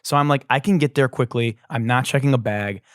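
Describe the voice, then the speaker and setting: A man hosting a podcast, telling a comic story as a profane, exasperated rant that bursts into shouting. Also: medium pitch, brisk, dry recording, studio quality. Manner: profane, exasperated, animated ranting with shouted outbursts. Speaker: podcast host.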